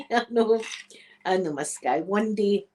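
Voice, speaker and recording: A woman's voice: mid-range voice, big pitch swings, very slow, darkish tone. A Scottish woman, an ASMR creator, chatting casually to her viewers as she tells a story, laughing often and checking in with "right?". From Scotland.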